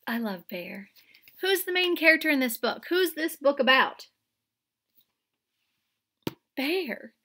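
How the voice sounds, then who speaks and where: A woman reads a children's picture book aloud at an unhurried pace, her voice sitting a little high. She is expressive, turns soft and hushed when the story gets scary, and stops to ask her young listeners questions. A faint hiss of noise lies under her voice. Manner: expressive, drops to a hush for scary parts and talks to young listeners. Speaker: kindergarten teacher.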